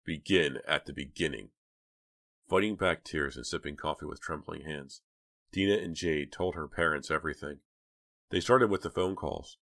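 A man narrating an audiobook in an even, measured reading. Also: a bass voice, no room sound, studio quality. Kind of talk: scripted narration.

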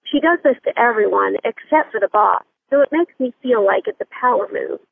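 A woman calls in over a thin, tinny phone line. Her voice sits a bit high, and she sounds earnest and uneasy as she asks for advice. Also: animated, fairly quick, gravelly, no echo. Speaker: caller. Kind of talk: reading a listener question.

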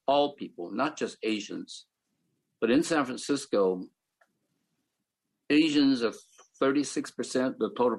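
An older man from the Philippines, calmly telling his life story as a panel speaker. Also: medium pitch, low-quality recording. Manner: reflective, matter-of-fact storytelling. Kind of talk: personal storytelling.

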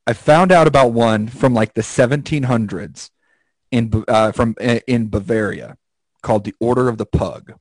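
Male podcast co-host, animated storyteller, mid-range voice, dry close mic. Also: normal speed, no echo. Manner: animated storyteller, acts out quotes with jumps in pitch. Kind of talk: casual chat.

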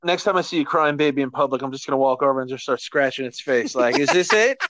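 A man's voice: mid-range voice, fast, a bit bright, dry recording. A man in casual chat, joking and riffing on his co-host's stories.

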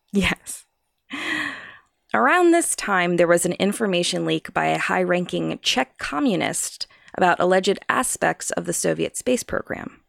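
Creaky-voiced woman reading podcast notes. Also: lowish voice, animated, a little slow, a bit bright, dry recording, studio quality. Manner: reads prepared notes, laughs often at her co-host's jokes. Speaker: podcast co-host presenting the research. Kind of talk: casual chat reading from notes.

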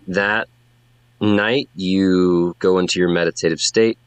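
A man narrating as game master in a halting way, with many fillers. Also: low-pitched, steady tone, clear, resonant tone, dry recording.

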